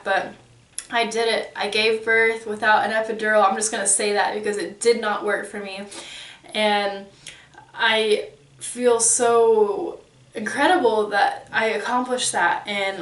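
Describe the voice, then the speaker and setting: A woman in her thirties tells a personal story in a casual, animated way, slipping into the voices of the people she quotes. Her voice sits on the higher side. It sounds recorded in a roomy space with the mic set back from her. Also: recorded from a distance. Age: 30s. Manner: animated, acts out quoted exchanges. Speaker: vlogger.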